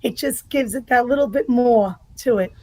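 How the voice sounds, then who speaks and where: Blunt, profane woman, high voice. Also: moderate pace, dark tone, no echo, low-quality recording. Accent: New York area. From United States. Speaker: guest, political ranter. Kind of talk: casual podcast chat.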